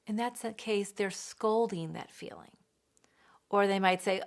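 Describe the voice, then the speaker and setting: A woman parenting educator who explains clearly and gives examples from family life. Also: medium pitch, unhurried. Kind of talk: explanatory teaching talk.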